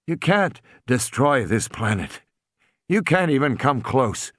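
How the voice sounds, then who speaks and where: A man's voice: medium pitch, big pitch swings, slow pace, no room sound, studio quality. A man voicing a weary, scornful mathematician who lectures with contempt.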